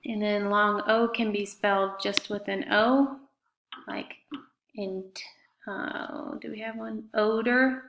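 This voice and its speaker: A woman's voice: medium pitch, steady tone, slow pace, background noise. A woman teaching a fifth grade class in a recorded remote lesson, speaking patiently and spelling out words letter by letter. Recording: echoey room.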